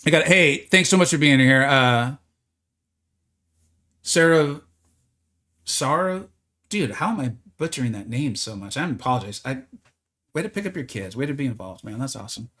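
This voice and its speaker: A man's voice: medium pitch, expressive, quick pace, pushed and bright. A man streaming a video game live, chatting casually and answering viewers' comments as he plays. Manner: chatty, answers viewer chat, frequent restarts. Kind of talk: casual livestream chat while playing.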